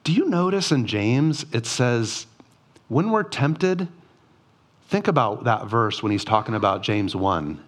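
A man's voice: medium pitch, sing-song, a little slow. A man giving a devotional Bible teaching, reading passages aloud and asking earnest rhetorical questions.

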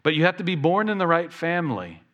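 Male pastor, sermon delivery, lively pitch, voices his quotes. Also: fast talker, dull audio. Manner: animated, acts out quoted voices.

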